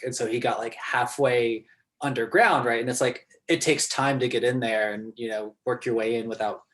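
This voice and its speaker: A man playing a tabletop game, rambling playfully through his character's mishap. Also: medium pitch. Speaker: player.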